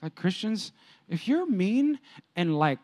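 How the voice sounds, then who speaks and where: High-voiced emphatic preacher man. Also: sing-song, slow, darkish tone, no echo. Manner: emphatic, repetitive, calls on the congregation. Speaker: pastor. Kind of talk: sermon.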